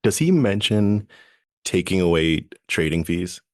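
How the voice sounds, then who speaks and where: Male co-host, extremely deep voice, reasoning aloud, dry recording. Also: expressive, unhurried, a little mellow, no room sound. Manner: thinks aloud, restarts, reasoning. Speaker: podcast co-host. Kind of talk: casual chat.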